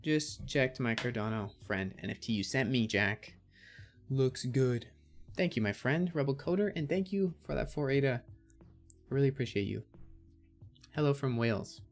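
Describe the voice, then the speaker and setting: A man's voice: medium pitch, lively intonation, normal speed, faint music behind. A man hosting a casual crypto livestream, chatting and reading out viewer comments and answering them. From Canada.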